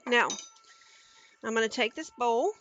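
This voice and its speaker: A woman's voice: fairly high pitch, a little slow, fairly bright tone, muffled recording, a little hiss or hum. A woman cooking on a live stream, chatting casually and talking viewers through each step into a headset mic in her home kitchen.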